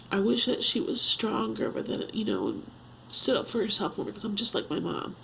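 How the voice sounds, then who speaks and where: Gravelly-voiced woman in her fifties. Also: mid-range voice, lively intonation, a little hiss or hum, poor audio. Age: 50s. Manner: halting, earnest, self-searching talk with many restarts. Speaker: vlogger. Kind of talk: confessional personal vlog. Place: at home.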